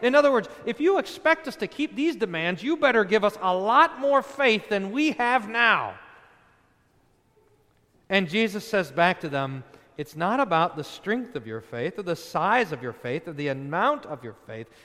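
High-voiced preaching man in a hall. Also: big pitch swings, unhurried, bright, forceful tone. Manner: emphatic preaching, rhetorical questions, rising to stress points. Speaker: pastor. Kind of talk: sermon.

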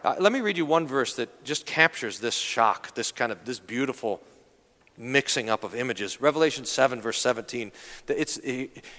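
A male pastor preaching an earnest sermon, telling a story and slowing down to go soft on key lines. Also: mid-range voice, lively intonation, big-room sound. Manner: earnest storytelling, drops to slow and soft for emphasis.

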